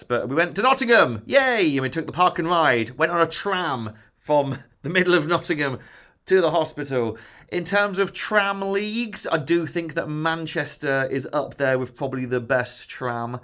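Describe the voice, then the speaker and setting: Guy telling a funny story to camera, bright forceful voice, keeps cracking jokes at himself. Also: on the high side, moderate pace. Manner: jokey, self-mocking, chatty with laughs. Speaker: vlogger sharing his health journey.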